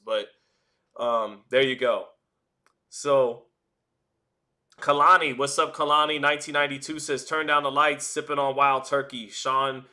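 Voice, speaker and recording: A man calling a boxing fight live, chatty and energetic, hosting a watch-party stream and often restarting his phrases. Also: on the high side. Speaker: boxing commentator and stream host. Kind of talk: live round-by-round fight commentary.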